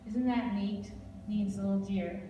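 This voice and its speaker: A woman's voice: mid-range voice, steady tone, measured pace, mellow, a little hiss or hum. Chatty, laughing woman in an echoey hall. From Wisconsin, USA. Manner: chatty, laughs often, rambling asides. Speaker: guest speaker prophesying over a family. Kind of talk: informal prophetic ministry talk. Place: large hall. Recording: echoey hall recording from far off.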